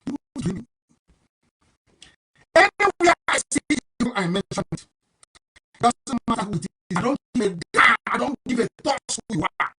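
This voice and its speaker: A man's voice: very high-pitched, sing-song, normal speed, pauses often, very noisy. A man giving a live online broadcast as a political speaker, combative, defiant and emphatic.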